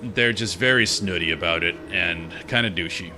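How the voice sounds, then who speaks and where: A man with a deep, low voice talks loosely and with strong opinions as he plays through a game. His chat rambles from one thought to the next. Game music sounds clearly behind him the whole time. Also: moderate pace, sharp tone. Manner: rambling and opinionated, chatting while playing. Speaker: gaming streamer. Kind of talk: casual gaming chat.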